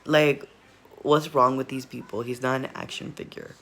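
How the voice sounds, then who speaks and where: A man's voice: mid-range voice, steady tone, normal speed, bright, forceful tone, slight background noise. A man casually reacting to a video, rambling, laughing often and repeatedly apologizing.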